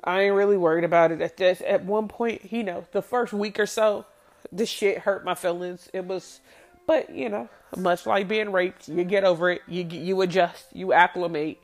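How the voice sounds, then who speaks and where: A woman's voice: on the low side, fairly even intonation, moderate pace. A woman telling a personal story from her past, candid, blunt and profane.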